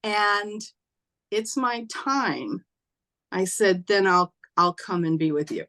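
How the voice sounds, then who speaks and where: A woman's voice: mid-range voice, lively intonation. Woman telling a tender story. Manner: halting, acts out dialogue softly. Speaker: guest. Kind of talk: emotional storytelling.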